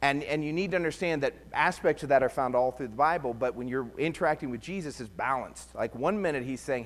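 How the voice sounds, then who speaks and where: A man's voice: mid-range voice, fast talker, few pauses, big-room sound. A man preaching a conversational sermon, telling stories with humor and animation. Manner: animated, joking storyteller. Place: church.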